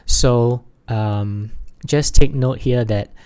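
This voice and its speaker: A man teaching an English exam lesson over slides, halting often with fillers and restarts, and leaning hard on key words. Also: medium pitch, fairly even intonation, a little mellow, clear, resonant tone. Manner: stresses key words by raising his voice.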